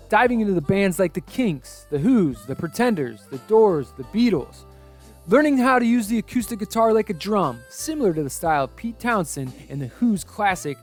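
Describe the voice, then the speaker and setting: A man narrates a scripted music history in a high, bright-edged voice that swings up and down with energy. Soft lofi music plays underneath. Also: big pitch swings, a little fast. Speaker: video essay narrator.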